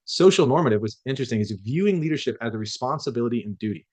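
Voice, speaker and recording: Fast-talking man giving a classroom lecture. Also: mid-range voice, expressive, darkish tone. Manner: conversational, with frequent restarts and acted-out quotes. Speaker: leadership lecturer.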